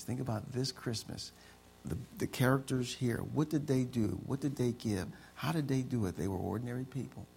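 A man preaching a sermon as pastor, building excitement with repeated phrases. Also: medium pitch, vocal fry, slight background noise.

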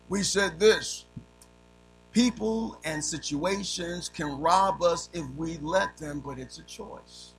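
A middle-aged man preaching in a high, bright, ringing voice. He builds through rhythmic lists, leans on "amen" after nearly every point, and swings from hushed asides to full shouts. Faint music plays behind him. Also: poor audio. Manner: punctuates phrases with repeated "amen"; swings between soft low asides and loud shouted peaks. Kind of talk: sermon.

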